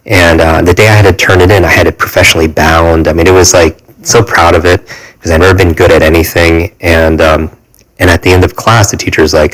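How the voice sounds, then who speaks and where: A man in his forties with a very deep, low voice tells a personal story as a podcast guest. He speaks earnestly, stopping and restarting often with fillers, and his pitch stays fairly flat. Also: a little fast, rough recording.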